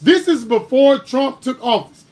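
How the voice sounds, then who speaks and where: A man with a strikingly high voice hosts a political commentary stream. He argues with heat, climbing into louder bursts and pinning down each point with a pointed "All right?". His delivery is emphatic and argumentative. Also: lively intonation, unhurried. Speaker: host.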